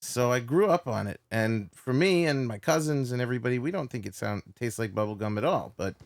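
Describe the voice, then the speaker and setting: Gravelly man telling stories. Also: medium pitch, brisk. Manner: lively storytelling with impressions. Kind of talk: casual chat.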